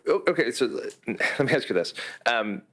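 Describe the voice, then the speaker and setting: A man's voice: mid-range voice, lively intonation, normal speed, fairly bright tone. A male reporter at a press conference, asking probing follow-up questions with some hesitation.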